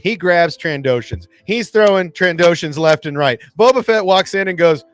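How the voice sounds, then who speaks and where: A man hosting a fan channel, recapping an episode in casual livestream chat, excitable and acting out lines in voices. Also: high voice, normal speed, no room sound, faint music behind. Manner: excitable, acts out quotes in voices.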